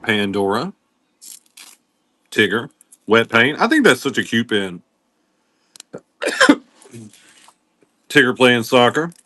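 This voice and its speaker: A man's voice: mid-range voice, sing-song, slow, pauses often, bright, forceful tone, dry recording. A man hosting a live online sale, casually greeting viewers by name and running through items one by one. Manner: welcomes viewers by name while listing items. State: coughing now and then. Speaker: livestream seller host.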